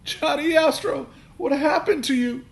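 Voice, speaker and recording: A man's voice: medium pitch, lively intonation, slow pace, vocal fry, pitched above the performer's own voice, exaggerated voice. A man voicing a dramatic father who flings mock-Shakespearean curses, reading a children's story aloud. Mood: howling. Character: dramatic father, cheerful then howling. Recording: roomy reading with faint hiss.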